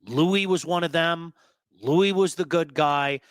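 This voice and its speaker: A man hosting sports talk radio in an emphatic, animated way. His voice sits somewhat high for a man. The sound is dry and close, with no room around it. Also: slow pace, smooth, no room sound. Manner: emphatic, animated storyteller who repeats words for effect.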